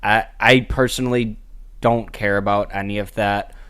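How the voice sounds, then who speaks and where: A man with a low, smooth and resonant voice, co-hosting a casual podcast. He talks in a laid-back, measured way and sprinkles in fillers. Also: steady tone, a bit bright. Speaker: podcast co-host. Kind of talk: casual chat.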